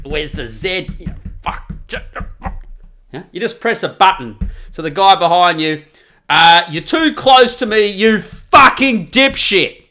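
A middle-aged man ranting profanely through a comic podcast monologue. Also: on the high side. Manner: sweary, ranting, animated. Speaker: podcast host.

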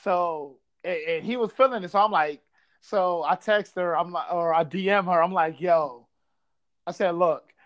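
A man's voice: high-pitched, moderate pace, fairly bright tone, dull audio. A man from Buffalo telling a casual story, swearing freely and acting out quotes. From Buffalo, New York.

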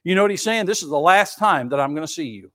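A man's voice: a little high, expressive, quick pace, a bit bright. A male pastor preaching a sermon, emphatic and repetitive, asking the congregation rhetorical questions.

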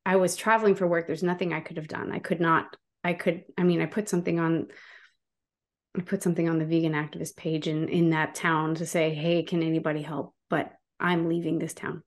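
Woman, interview guest, gravelly, passionate storyteller, restarts often. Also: sits low, little pitch movement, fairly quick. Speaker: guest, vegan activist. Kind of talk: casual interview chat.

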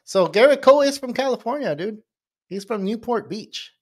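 High-voiced man in casual sports chat. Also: animated, normal speed. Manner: loose, rambling, laughs often. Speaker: podcast co-host.

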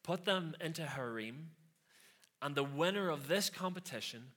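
A man's voice: on the high side, expressive, moderate pace, a bit bright. A man preaching a conversational sermon, with sarcastic asides and frequent questions to the listeners.

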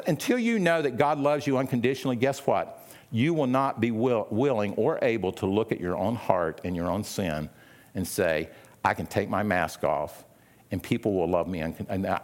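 A middle-aged man preaching a sermon in a conversational way, often asking the listeners rhetorical questions. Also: medium pitch. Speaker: pastor.

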